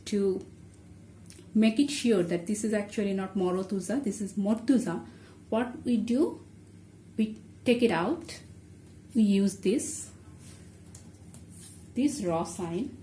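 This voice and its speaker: Woman teacher, unhurried and patient, step-by-step lesson delivery; roomy recording with faint ambience. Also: mid-range voice, mellow, slight background noise. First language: Bengali. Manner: patient, explaining step by step while writing. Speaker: language teacher. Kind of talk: online language lesson. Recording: echoey room with faint ambience.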